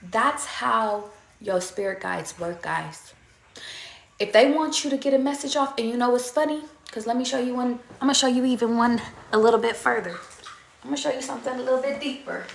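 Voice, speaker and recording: Chatty tarot woman, gravelly, in an echoey room. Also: on the high side, fairly quick, a little hiss or hum. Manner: chatty, swears freely, addresses viewers as y'all. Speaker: tarot reader. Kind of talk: casual spiritual talk to viewers.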